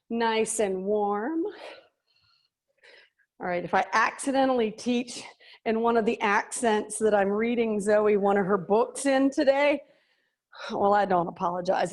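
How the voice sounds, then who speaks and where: A middle-aged woman instructing a live workout class, upbeat and joking, counting out reps and slightly out of breath. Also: medium pitch. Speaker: fitness and yoga instructor.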